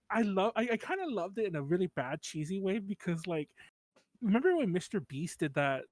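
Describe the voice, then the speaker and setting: A man's voice: high-pitched, sing-song, normal speed, no echo. A man co-hosting a podcast in casual chat, rambling, swearing and laughing often. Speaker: podcast co-host.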